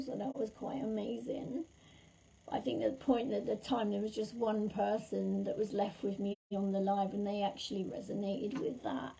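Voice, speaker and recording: A woman, a psychic medium, chatting warmly with viewers during a livestream reading while her throat is sore and scratchy. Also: a little high, vocal fry, slightly rough. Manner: chatty and affectionate, calls viewers lovely and darling. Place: at home.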